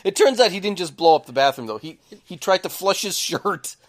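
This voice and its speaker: A man co-hosting a casual podcast in a studio, telling animated stories and swearing freely. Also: sits high, fairly quick. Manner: animated storyteller, swears, shouts quoted lines. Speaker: podcast co-host. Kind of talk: casual chat, storytelling.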